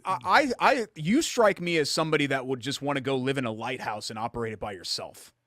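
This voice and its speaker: Brief: man, co-host, casual sports chat, mid pitch, chatty storyteller, dry close mic. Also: lively intonation, fairly bright tone, dry recording. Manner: chatty storyteller, quick asides.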